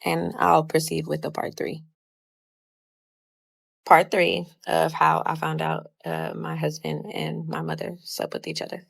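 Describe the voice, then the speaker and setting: A woman's voice: low-pitched, unhurried, creaky, slightly rough. A young woman casually telling a personal story, retelling it with lots of "I was like" quotes.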